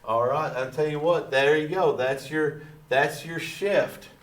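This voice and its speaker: A man putting on a drawling small-town cartoon dad, folksy and proud, leaning on his stock phrases as he reads through a lesson. The voice sits a little high for a man and rings in a roomy space. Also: close to an everyday voice. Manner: slow Texan drawl, repeating catchphrases. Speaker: teacher. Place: classroom. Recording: roomy echo.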